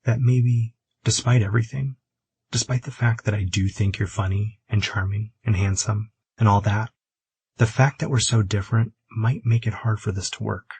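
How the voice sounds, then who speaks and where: A man voicing a skeptical, quick-witted young man who teases in a lifted, bantering voice. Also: fairly low pitch, expressive, darkish tone, breathy edge, dry recording. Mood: careful.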